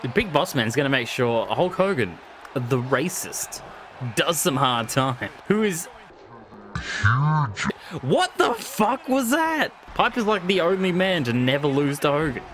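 Young guy streaming a wrestling game, jokey and swears a lot, pitch jumps all over, bit of faint hiss. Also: a little slow. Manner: jokey, swears a lot, laughs often, excitable. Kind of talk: casual live-stream commentary.

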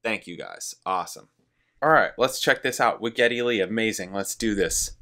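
A man hosting a reaction video, chatting casually to camera, rambling and excitable. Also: lowish voice, normal speed. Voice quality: rambling, excitable, repeats himself.

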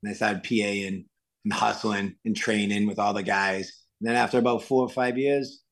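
A man from Massachusetts, a podcast guest, telling stories in a casual, animated way and acting out the dialogue. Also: lowish voice, moderate pace. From Worcester, Massachusetts. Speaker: podcast guest, actor and stuntman. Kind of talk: casual storytelling interview.

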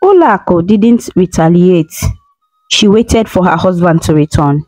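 A woman narrating a folktale in a steady, even reading. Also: lowish voice, measured pace, no room sound, faint music behind, rough recording. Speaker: storyteller.

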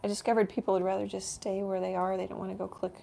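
A woman's voice: mid-range voice, monotone, racing, vocal fry, mellow, slight background noise. A middle-aged woman hosting a live painting demo from her home studio, chatting casually and thinking aloud as she works, often trailing off mid-sentence. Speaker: art teacher and channel host. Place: home art studio, indoors.

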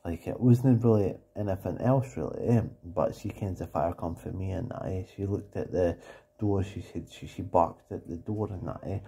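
A man's voice: sits low, moderate pace, creaky, dark tone, slightly rough. A Scottish man talking in a casual, rambling monologue, often tagging his sentences with "eh?" and "and that". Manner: rambling, tags lines with "eh?" and "and that".

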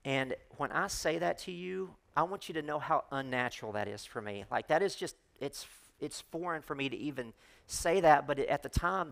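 A man's voice: a little high, gravelly, a bit bright. A middle-aged man, preaching as a guest speaker and telling a personal story in a candid, conversational way. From United States. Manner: candid, conversational storytelling with self-deprecating asides. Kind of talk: sermon storytelling.

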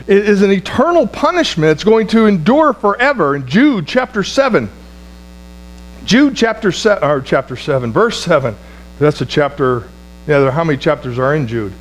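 High-voiced man preaching a sermon. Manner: emphatic preaching with repeated phrases and congregation call-outs; restarts and stumbles over words. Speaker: pastor.

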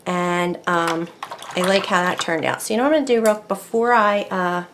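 A woman's voice: fairly low pitch, fairly even intonation, normal speed, noisy background. A woman teaching decorative painting in a casual tutorial, chatting and thinking aloud as she works at a close mic.

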